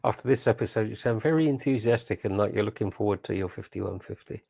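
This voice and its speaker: Guy, gravelly, blunt and animated, chatting on a podcast. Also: fairly low pitch, fast, no room sound. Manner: blunt and animated, acting out quoted voices. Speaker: podcast co-host. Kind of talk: casual chat.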